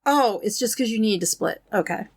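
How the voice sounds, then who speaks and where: A woman's voice: a little high, animated, fairly quick, husky. A woman co-hosts a podcast, casually walking through a movie's plot in detail. She is agreeable and easygoing, and the recording is dry with no room echo. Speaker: podcast co-host. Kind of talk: casual chat reviewing a film.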